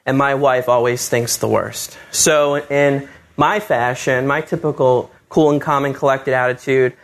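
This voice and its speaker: A man's voice: medium pitch, measured pace. A man telling a personal story about his proposal and family, acting out the people he quotes. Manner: animated storyteller, acts out quoted voices.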